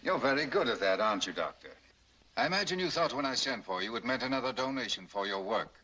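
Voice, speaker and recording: An actor playing a desperate, wealthy husband in an old film, pleading and then quietly threatening a crooked doctor. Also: male voice, medium pitch, expressive, fast, low-quality recording. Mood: cold, threatening. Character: grieving wealthy husband confronting a baby-selling doctor. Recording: old 1930s film soundtrack.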